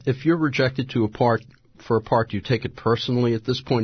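Husky-voiced male interviewer. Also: medium pitch, fast talker, no room sound, lo-fi sound. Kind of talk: interview conversation.

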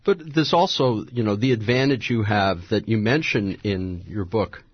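A man interviewing a guest, asking measured, thoughtful questions. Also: fairly low pitch, breathy edge, no room sound, highs cut off. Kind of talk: interview conversation.

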